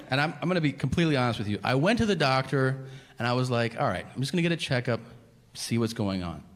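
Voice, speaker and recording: Animated male stand-up comic, echoing room. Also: medium pitch. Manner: animated storytelling with yelled impressions. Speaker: stand-up comedian. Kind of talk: stand-up comedy set. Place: comedy venue stage. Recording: live venue with long reverb and audience noise.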